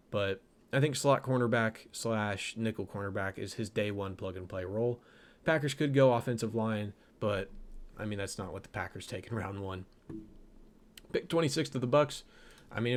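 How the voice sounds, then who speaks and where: A young man giving casual, rambling football draft commentary, correcting himself and laughing at his own jokes. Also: fairly low pitch. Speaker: draft analyst host.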